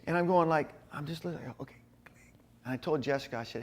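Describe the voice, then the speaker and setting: A middle-aged man giving a sermon-style talk to a men's gathering, telling personal stories in a folksy, animated way. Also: fairly high pitch, very fast. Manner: folksy, animated storytelling with frequent asides to the group. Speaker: speaker at a men's ministry gathering.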